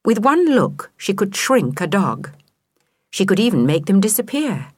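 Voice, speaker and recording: A woman narrating a children's storybook in an expressive, measured way. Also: medium pitch, breathy edge, dry recording, studio quality. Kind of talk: storybook reading.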